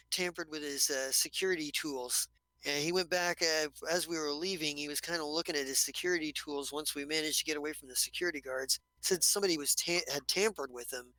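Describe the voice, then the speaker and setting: A man voicing a wary male outlaw hiding out, who talks in halting, rambling bursts and swears freely. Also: on the high side, sharp tone, dry recording.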